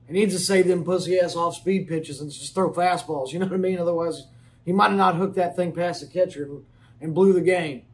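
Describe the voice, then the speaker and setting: Man, podcast host, a bit high-pitched, rambling folksy banter, casual swearing, comedic sports rundown. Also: fairly even intonation, brisk. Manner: rambling folksy banter, swears casually, keeps saying "you know what I mean".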